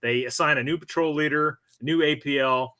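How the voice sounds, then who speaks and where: A man's voice: a little high, fairly even intonation, brisk, bright, forceful tone. A middle-aged man hosting a casual interview and telling rambling anecdotes, laughing easily. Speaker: podcast host, former Marine.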